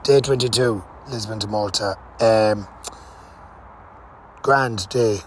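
A man's voice: fairly low pitch, slow pace, a little hiss or hum. A young man hosting a podcast, telling a rambling, casual travel story with fillers and the odd swear word. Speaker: podcast host. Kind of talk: casual spoken travel diary.

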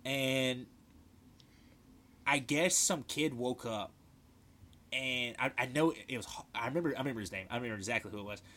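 A man tells a story in relaxed, profane chat. His voice is bright and forward, with a tense edge, and his delivery is lively and animated. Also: medium pitch, normal speed, pauses often.

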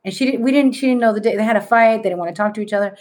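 A middle-aged woman with an average-pitched voice tells a story as a podcast guest. She is animated and conversational. She acts out the voices of the people in her story as she goes. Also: rapid-fire, slight background noise.

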